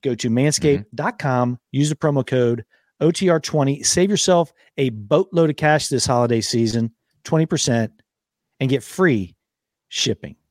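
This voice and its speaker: A man's voice: medium pitch, normal speed, no echo, clean studio sound. A man co-hosting a podcast, chatting casually and joking with a folksy manner, laughing often. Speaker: podcast co-host. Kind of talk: casual chat with ad read. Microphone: studio microphone.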